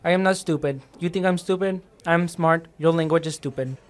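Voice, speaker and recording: A man with a Spanish accent playing a hardworking diner cook who speaks in halting English and is short-tempered. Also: on the high side, lightly acted. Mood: proud.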